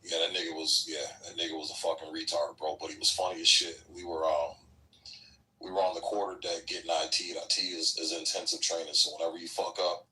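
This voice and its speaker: Man, very low voice, bright tone, profane rambling storyteller, off-mic. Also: little pitch movement, brisk, far from the mic, a little hiss or hum, rough recording. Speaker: former Marine recruit telling stories. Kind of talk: casual podcast chat.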